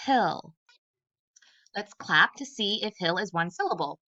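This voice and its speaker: A woman literacy specialist teaching a phonics lesson to young children, speaking clearly and deliberately and sounding out letters one at a time. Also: mid-range voice, animated, pushed and bright. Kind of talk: early-grade phonics lesson. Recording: dull lo-fi sound.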